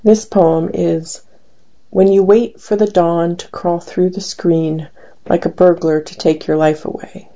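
Woman doing a poetry reading, dark mellow voice, really slow and dramatic, muffled old-sounding recording. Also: on the low side, fairly even intonation. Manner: slow, deliberate, dramatic delivery. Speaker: poet. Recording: dull lo-fi recording.

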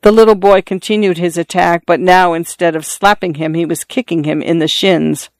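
Smooth, clear audiobook narrator. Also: medium pitch, steady tone, moderate pace, dry recording.

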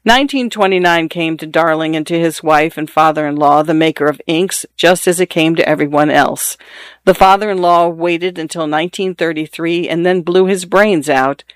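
A man reading a short story aloud for an audiobook, measured and even in his delivery. His voice sits slightly high for a man. The sound is close and completely dry. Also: clear, resonant tone, no room sound. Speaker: narrator.

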